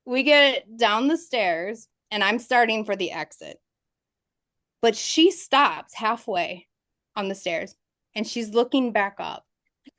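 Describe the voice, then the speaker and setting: A woman describes her ghost investigations in an interview, telling the story vividly and laughing through its tense moments. Her voice sits at a middle pitch and is recorded dry, with no room around it. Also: dry recording.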